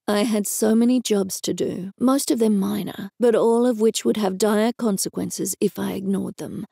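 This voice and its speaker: An Australian woman narrating a story in first person on a close microphone, in a wry, even manner. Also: mid-range voice, creaky, no room sound. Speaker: audiobook narrator.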